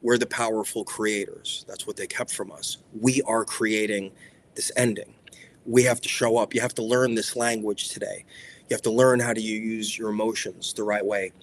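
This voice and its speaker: A man's voice: fairly low pitch, fairly even intonation, moderate pace, a little hiss or hum. A man hosting a motivational spiritual talk, emphatic and repetitive in a preacherly way. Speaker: spiritual speaker and show host.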